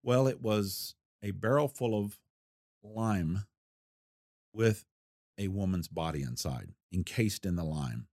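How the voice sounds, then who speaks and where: An older man with a lowish voice tells a true-crime story from his investigating days, unhurried and folksy, with a wry edge. The sound is close and dry. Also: darkish tone, no echo. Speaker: retired federal investigator recounting a case. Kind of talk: storytelling interview.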